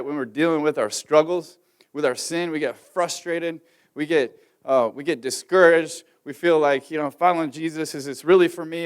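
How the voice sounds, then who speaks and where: A man, preaching a sermon in a folksy, rambling storytelling way with many fillers. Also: fairly high pitch. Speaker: pastor.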